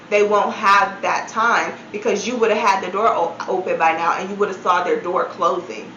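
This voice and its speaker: A woman's voice: mid-range voice, pushed and bright, slight background noise. Chatty woman vlogger telling a storytime. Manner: chatty, many "like" fillers, incredulous asides. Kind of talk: casual storytime retelling. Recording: roomy, slightly dull sound.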